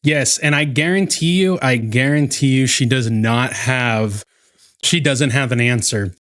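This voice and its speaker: A man's voice: mid-range voice, measured pace, a bit bright. A man hosting a reaction commentary, talking in a sarcastic, mocking way and swearing often. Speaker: commentary channel host.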